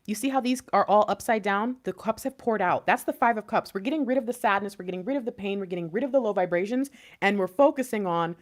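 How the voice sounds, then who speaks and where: A young woman giving a casual tarot reading, easily excited and exclaiming over the cards as she lays them out. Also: mid-range voice, quick pace, few pauses. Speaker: tarot reader.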